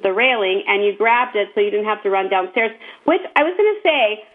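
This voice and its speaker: A woman's voice: medium pitch, expressive, a little fast. A woman co-hosting a casual chat, speaking in an earnest, encouraging way. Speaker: podcast co-host. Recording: tinny phone-line sound.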